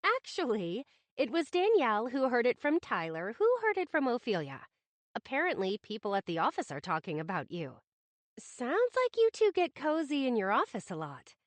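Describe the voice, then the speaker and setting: A woman's voice: on the high side, wildly swooping pitch, normal speed, no room sound. A woman doing a gossipy teasing girlfriend. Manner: nosy, playful, sarcastic. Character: gossipy, teasing young woman friend on the phone.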